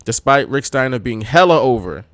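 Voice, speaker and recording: A man's voice: medium pitch, moderate pace, no room sound, studio quality. A man co-hosting a casual wrestling podcast, telling stories with energy and acting out quotes. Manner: animated storytelling, acts out quotes in a raised voice. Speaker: podcast co-host.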